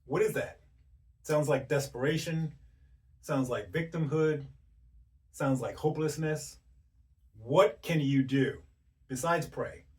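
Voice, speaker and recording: A man giving a motivational self-help talk, speaking directly to the listener in rapid strings of rhetorical questions. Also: on the high side, far from the mic. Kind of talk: motivational monologue.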